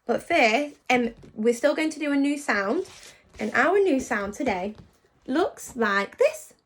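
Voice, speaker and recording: A woman teacher giving a phonics lesson to young children. She praises them often and slows down to sound out words. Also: high voice, husky. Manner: animated and encouraging, praising often.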